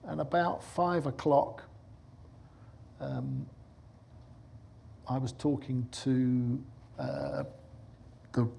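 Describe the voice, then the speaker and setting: A middle-aged man giving a lecture in a husky voice with a medium pitch. He tells his stories with animated energy and acts out the voices of the people in them. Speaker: film director giving a lecture. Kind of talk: lecture with lively anecdotes.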